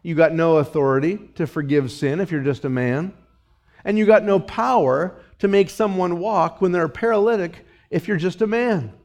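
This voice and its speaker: A male pastor delivers a sermon in a notably high voice. He drives his points home through emphatic repetition and sinks low and soft when quoting. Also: normal speed. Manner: preaching with emphatic repetition, dropping low and soft for quoted lines.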